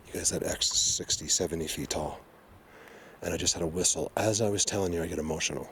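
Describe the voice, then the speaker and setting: Speaking fast in a low-pitched, slightly bright voice, a man records a hiking vlog in the woods. His talk is emotional and rambling with many restarts, and the recording carries a little hiss or hum.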